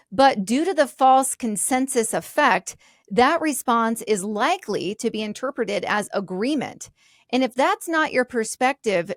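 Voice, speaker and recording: A woman's voice: a little high, no echo, studio quality. A woman co-hosting a podcast, explaining workplace ideas in a candid, casual way with lighthearted asides. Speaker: podcast co-host.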